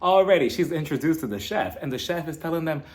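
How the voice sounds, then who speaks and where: A man's voice: fairly high pitch, fast talker. A man giving a casual, gossipy recap of a reality show, acting out the cast members' lines as he goes. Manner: gossipy, animated, acts out cast members' quotes.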